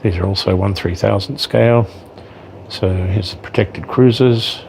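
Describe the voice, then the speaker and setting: A man's voice: fairly low pitch, measured pace, vocal fry, darkish tone, slight background noise, poor audio. A man giving casual unboxing commentary on his miniatures, hesitant, with frequent ums and self-corrections. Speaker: wargaming hobbyist reviewing miniatures.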